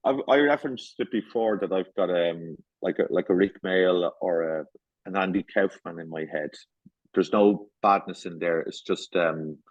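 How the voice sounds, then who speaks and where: A middle-aged man hosting a casual podcast chat, telling stories playfully with lively retellings. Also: sits low, moderate pace, no room sound. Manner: playful storyteller, animated retelling. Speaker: guest host. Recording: muffled lo-fi sound.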